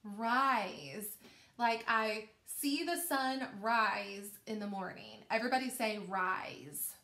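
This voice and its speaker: Bright encouraging woman teaching phonics. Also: a little high, expressive, reverberant. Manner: slow, encouraging, stretches out sounds. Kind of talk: recorded phonics lesson for young children.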